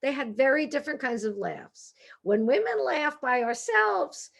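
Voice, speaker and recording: A woman's voice: sits high, measured pace, vocal fry. Chatty Brooklyn woman telling funny stories. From Brooklyn, New York. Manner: lively, animated, chatty with many asides. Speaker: author and humorist. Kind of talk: comic storytelling talk. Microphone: video call.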